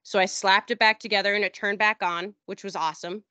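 A woman on a podcast telling a long story in casual chat, rambling and acting out what people said in a higher voice. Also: fairly even intonation, a little fast, sharp tone, smooth, dry recording. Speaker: podcast host. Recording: dull, dry lo-fi audio.

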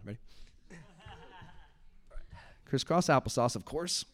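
A young adult man preaching a sermon to a congregation in a church, casual and playful, laughing often and dropping to a hushed voice when he shows how to pray. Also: medium pitch, a little fast, smooth. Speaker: pastor. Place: church sanctuary before a congregation.

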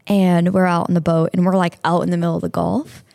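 A woman's voice: fairly low pitch, a little fast, creaky, dry recording, studio quality. Laughing woman deputy telling stories. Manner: laughs often, animated anecdotes. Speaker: sheriff's marine deputy, guest. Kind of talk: casual interview storytelling.

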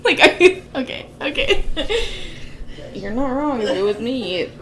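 A young woman co-hosting a casual podcast who laughs loudly and often and swears freely while chatting about a movie. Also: high-pitched, big pitch swings. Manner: loud, giggly, swearing, quick bursts of laughter. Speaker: podcast co-host. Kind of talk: casual chat watching a movie. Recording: echoey room with faint hiss.

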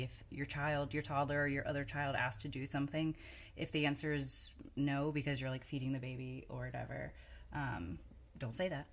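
Woman, very low voice, casual chat, parenting co-host, storytelling. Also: level tone, moderate pace. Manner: conversational, tells client stories.

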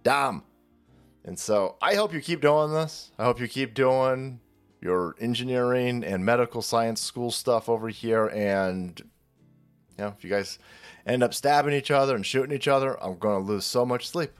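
A man's voice: mid-range voice, a little slow, soft background music. A man hosting a political commentary channel, ranting in a profane, sarcastic, mocking way.

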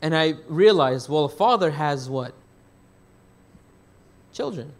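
A man's voice: fairly high pitch, animated, takes it slowly. A man preaching a sermon as pastor. He asks the congregation questions and answers them himself, rephrasing as he goes. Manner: rephrases and restarts mid-thought.

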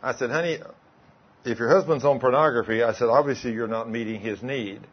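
A male preacher with a medium-pitched, brisk voice and a breathy edge delivers a sermon full of told stories. He retells conversations line by line, quoting both sides, and the audio is dull.

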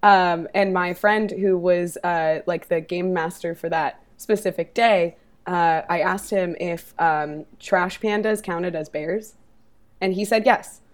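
Rambling, relaxed woman telling a story. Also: lowish voice, slow pace. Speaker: podcast co-host. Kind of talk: casual group chat.

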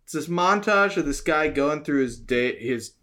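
Man casually pitching a movie idea. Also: expressive, moderate pace, a bit bright, slight background noise. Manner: rambling pitch with many "like" fillers, swearing. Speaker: podcast co-host. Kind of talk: casual chat.

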